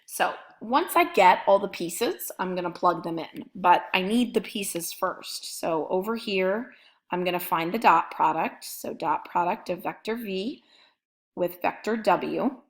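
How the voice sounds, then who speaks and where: A woman teaching a math lesson in a recorded lecture, working through each calculation aloud as she writes it. Her voice sits a little low and carries a noticeable gravelly fry. She speaks at an unhurried, deliberate pace. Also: expressive. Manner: methodical, talks through each step while writing. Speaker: math instructor.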